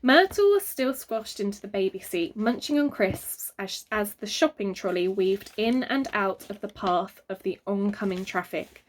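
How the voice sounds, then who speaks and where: A woman reading a children's book aloud, very expressive and adding sound effects. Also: medium pitch, moderate pace, few pauses, a little hiss or hum. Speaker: reader. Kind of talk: storybook read-aloud for children.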